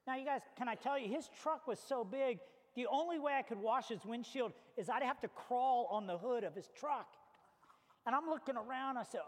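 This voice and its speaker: A male pastor with a strikingly high voice tells a story from the pulpit in an animated, chatty way. His voice rings with the long reverb of a big hall. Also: moderate pace. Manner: animated, conversational, with casual fillers. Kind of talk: storytelling sermon.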